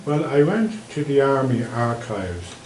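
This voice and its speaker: A man's voice: medium pitch, sing-song, unhurried, darkish tone, slight background noise, low-quality recording. Chatty Irish man giving a history talk. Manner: anecdotal, chatty, wry asides. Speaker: local history speaker. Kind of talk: public history talk with slides.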